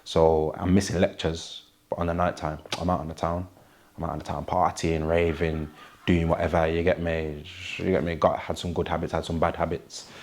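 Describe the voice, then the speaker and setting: A man's voice: sits low, little pitch movement, moderate pace, darkish tone. A young man with a Wolverhampton accent, a rapper talking casually in an interview, full of street slang and "you get me" tags. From Wolverhampton, England.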